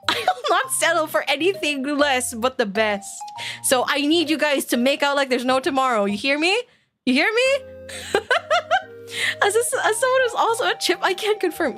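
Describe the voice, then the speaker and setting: A woman's voice: high voice, fairly bright tone. A woman streamer chatting casually and playfully with her audience, laughing often. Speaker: virtual streamer. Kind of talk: casual live-stream chat. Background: faint background music.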